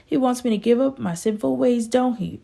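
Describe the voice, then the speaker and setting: A woman's voice: on the high side, a little fast, vocal fry, dark tone, pitched above the performer's own voice. A woman voicing a poor, pious and sly old backwoods farmer who talks in a preachy, self-righteous way. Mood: overjoyed.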